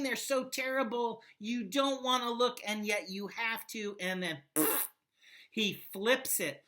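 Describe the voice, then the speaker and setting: A woman teacher giving a classroom lecture on a play, talking emphatically and animatedly with quiet asides. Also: a little high, lively intonation, a little slow.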